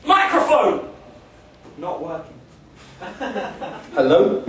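A man's voice: sits high, animated, slow, long pauses. A young man from England compèring a live comedy night in a pub, joking with and teasing the crowd. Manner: jokey, self-mocking, banters with the crowd. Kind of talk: stand-up compèring. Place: pub function room, live audience. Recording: echoey room from far off. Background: room noise, crowd murmur.

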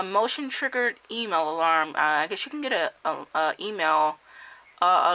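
A woman's voice: lowish voice, pushed and bright, poor audio. A woman casually reviewing and unboxing a gadget, talking hesitantly with many ums and self-corrections. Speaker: product reviewer.

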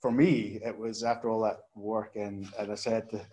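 A man's voice: lowish voice, little pitch movement, moderate pace, dark tone. Eager New man on a video call. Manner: enthusiastic, repeats words while thinking aloud. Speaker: startup co-founder. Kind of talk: casual webinar conversation.

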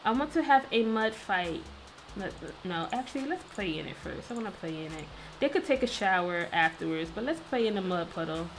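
A woman's voice: mid-range voice, lively intonation, brisk, slight background noise. A woman hosting a casual let's-play, chatting playfully and talking to the characters on screen. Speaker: gaming video host.

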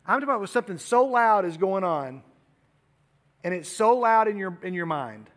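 A man's voice: sits high, expressive, normal speed. A middle-aged man preaching a sermon to teenagers in an earnest, conversational way, often repeating himself. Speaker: youth pastor. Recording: long hall reverb.

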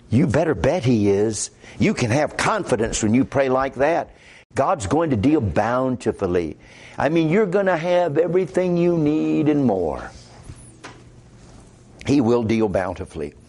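Midwestern guy preaching, pretty high voice, swoops around a lot, chatty, reads bible verses out. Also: a little mellow. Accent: Midwestern American. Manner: conversational preaching, quotes scripture aloud. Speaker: pastor. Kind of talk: sermon.

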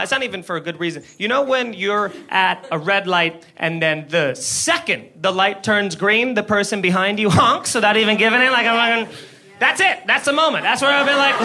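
High-voiced, animated male stand-up comic. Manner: animated, swearing, frequent laughs and shouted punchlines. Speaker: stand-up comedian. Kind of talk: stand-up comedy set. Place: comedy club stage before a live audience. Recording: live club room with audience laughter.

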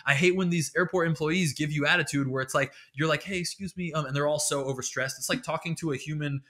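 A man's voice: fairly high pitch, steady tone, quick pace, sharp tone. A man hosting a podcast who delivers a rambling, exasperated comic rant full of profanity. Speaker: podcast host. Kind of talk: comedic solo rant.

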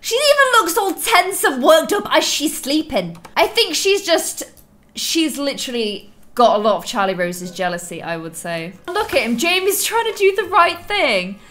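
A woman's voice: high voice, moderate pace. A young woman commentating a life-sim game, gasping and scolding the characters as she plays. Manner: animated, gasping, teasing asides to players. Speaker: let's play host. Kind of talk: casual gameplay commentary.

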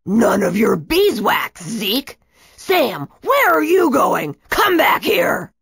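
A woman's voice: mid-range voice, very animated, slow, vocal fry, husky, no echo, studio quality, heavily acted. A woman voicing a sly male tiki villain in a storybook reading, taunting and bossy.

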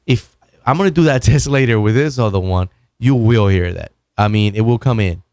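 A man's voice: lowish voice, darkish tone, no echo. Man casually demoing a studio mic. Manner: loose, halting talk with many restarts while moving around the mic. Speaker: video host reviewing microphones. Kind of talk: casual product demonstration. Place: home studio desk. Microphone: broadcast microphone on an arm, at varying distance.

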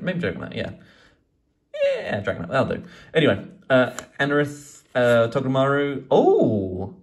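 A man chatting casually as he opens card packs, swearing and rambling excitedly. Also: mid-range voice. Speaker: card collecting YouTuber. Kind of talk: casual pack-opening vlog.

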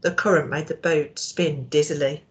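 A woman teacher reading a storybook aloud to young children, expressive and asking them questions. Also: deep voice, moderate pace, muffled recording.

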